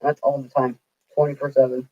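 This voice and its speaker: A woman's voice: very deep voice, little pitch movement, a little fast, no room sound. Woman, 40s, livestream host: blunt and profane, chatty; muffled dry lo-fi recording. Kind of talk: casual livestream chat. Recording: dull lo-fi dry sound.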